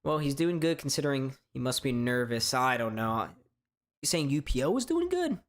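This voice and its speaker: A man from hosting a live sports reaction stream, chatting casually in a strained, hoarse voice, rambling and stammering through restarts. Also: mid-range voice, very animated, moderate pace. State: voice straining from shouting. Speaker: sports fan livestream host.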